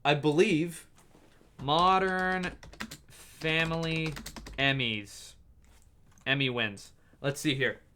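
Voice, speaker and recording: A young man in his twenties hosting a casual solo podcast, gushing excitably and swearing as he talks. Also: a little high, very slow, pauses often, slight background noise. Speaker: podcast host.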